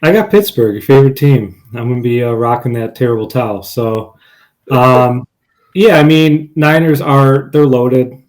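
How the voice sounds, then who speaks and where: A man co-hosting a casual sports betting podcast. He sounds sure of his picks, lists stats, and drops wry asides. His voice is mid-pitched. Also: moderate pace, a little mellow. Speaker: podcast co-host.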